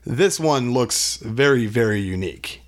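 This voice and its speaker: A man's voice: medium pitch, lively intonation, a little slow. A man co-hosting a casual podcast, chatting enthusiastically during a whiskey tasting in a small room. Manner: chatty, enthusiastic, self-deprecating. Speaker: podcast co-host.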